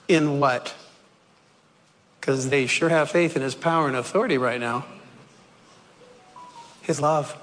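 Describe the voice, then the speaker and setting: A man preaching a sermon in a lively, conversational way, often laughing and acting out quoted shouts. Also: fairly high pitch, measured pace, pauses often. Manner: animated, acts out disciples' shouts.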